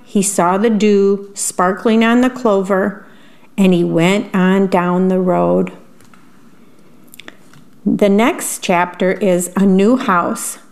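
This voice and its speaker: Slow, gentle woman reading bedtime stories. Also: medium pitch. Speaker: volunteer radio reader.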